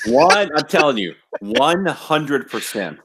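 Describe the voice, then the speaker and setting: A man's voice: fairly high pitch, very animated, takes it slowly, gravelly, a bit bright, a little hiss or hum. A man co-hosting a casual wrestling podcast, sarcastic and emphatic in his banter. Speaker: podcast co-host.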